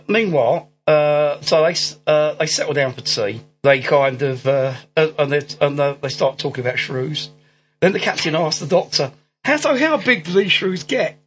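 A man, hosting a podcast, who recaps a movie plot in a rambling, laughing way full of ums and restarts. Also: a little high. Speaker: podcast host. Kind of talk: casual movie-recap chat. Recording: dull lo-fi audio with faint music.

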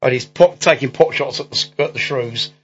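A man's voice: medium pitch, brisk, a little hiss or hum. A man, hosting a podcast, who recaps a movie plot in a rambling, laughing way full of ums and restarts. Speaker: podcast host. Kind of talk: casual movie-recap chat. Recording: dull lo-fi audio with faint music.

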